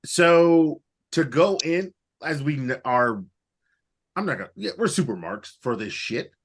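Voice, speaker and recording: A man co-hosting a podcast in casual chat, animated and profane, rambling through his points. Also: on the high side, measured pace. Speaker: podcast co-host.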